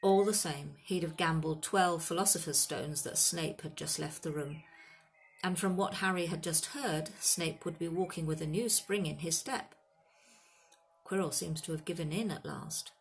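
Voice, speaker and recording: A woman narrating a children's fantasy book in a steady, expressive reading voice. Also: sits low, normal speed, soft background music. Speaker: audiobook reader. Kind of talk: storybook narration.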